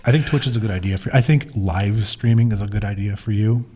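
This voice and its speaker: Low-voiced man explaining things matter-of-factly. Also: quick pace, dark tone, slight background noise. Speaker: podcast guest. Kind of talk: casual chat.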